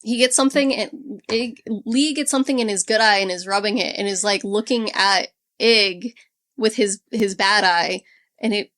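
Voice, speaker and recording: A woman chatting at a book club, recapping the plot quickly and adding wry comments. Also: mid-range voice, fairly bright tone. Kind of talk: casual book club chat.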